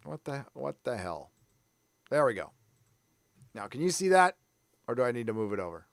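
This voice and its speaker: Hosting a live stream, a San Diego, California man talks in a gravelly, medium-pitched voice with big swings in pitch and a normal speed. His chatter is casual, meandering and self-deprecating, and there's no echo.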